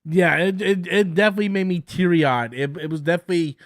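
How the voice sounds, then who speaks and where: Man, high voice, dry close sound; halting, excitable live-stream reviewer who repeats himself. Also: no room sound. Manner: halting, repeats words, enthusiastic. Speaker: show review host.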